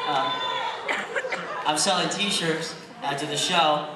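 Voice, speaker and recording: A man in young adulthood doing a brash stand-up comedy set with deadpan punchlines, on a large theater stage. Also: on the high side, unhurried, heavy background noise. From Pennsylvania, USA. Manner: brash, deadpan punchlines, shouts in put-on quotes. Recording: echoey theater taped from far off, loud crowd laughter.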